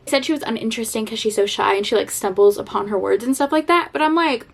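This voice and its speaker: A young woman talks to her camera in a casual vlog, chatty and animated. Her voice sits a little high for a woman. She laughs easily and lets the odd swear slip. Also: quick pace, vocal fry. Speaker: book vlogger.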